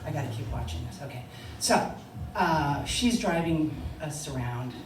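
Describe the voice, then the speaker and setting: An older woman telling a personal story, animated and laughing, acting out the voices of others. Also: sits low, a little slow. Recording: echoey room, distant mic, noisy.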